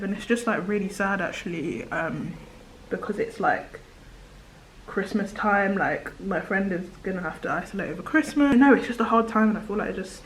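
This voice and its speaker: A young woman chats through her makeup routine at home in a loose, rambling way, leaning hard on "like." Her voice sits mid-range and now and then drops to a soft whisper. It is filmed on a tripod camera with faint background hiss. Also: mid-range voice, low-quality recording. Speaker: beauty vlogger. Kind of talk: chatty get-ready-with-me monologue.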